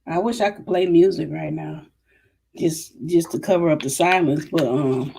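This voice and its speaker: A woman's voice: deep voice, normal speed, gravelly, mellow, breathy edge. A woman with a Detroit accent hosts her own podcast, chatting through a live Q&A. She rambles through stories and asides and laughs easily. The talk is loose and casual, as if streamed live from home. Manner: chatty, storytelling, laughs and drifts off-topic. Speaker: podcast host.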